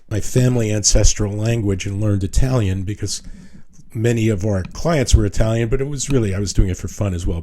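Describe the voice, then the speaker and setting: An older man talks through a class in a low-pitched voice. He wanders through personal stories, pausing and restarting his sentences as he goes. The tone is that of a retired architect sharing memories. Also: mellow. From New York City. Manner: rambling, halting with restarts and fillers. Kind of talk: casual lecture with personal stories.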